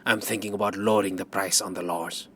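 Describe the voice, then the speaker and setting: A man reading an audiobook, voicing a gruff older shopkeeper with a thick Maine accent. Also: low-pitched, fairly even intonation, fast, a bit bright.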